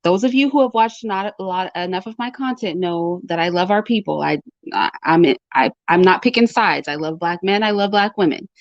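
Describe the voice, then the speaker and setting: A woman's voice: fairly low pitch, normal speed, no room sound. Woman, commentary host, emphatic, repeats warnings, dry muffled sound. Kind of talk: direct-to-camera commentary.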